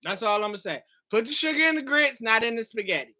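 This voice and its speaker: A woman's voice: fairly high pitch, animated, fast, pushed and bright. Blunt, foul-mouthed woman hosting a talk show. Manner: blunt, emphatic, swears freely. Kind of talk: profane casual chat.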